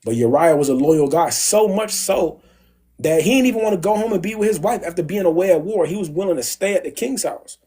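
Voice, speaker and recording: A man tells a story in casual slang on a phone livestream from home. His voice sits a little high but sounds dark and husky. He jumps between narration and quoting the characters with a lot of energy. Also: a little fast. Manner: animated slangy retelling with acted quotes. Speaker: livestream host.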